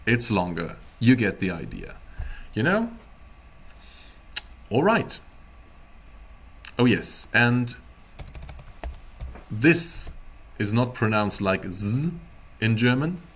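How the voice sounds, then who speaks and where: A man teaching a beginner language class, explaining pronunciation slowly in a playful, teasing way. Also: on the low side, fairly bright tone. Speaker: German teacher.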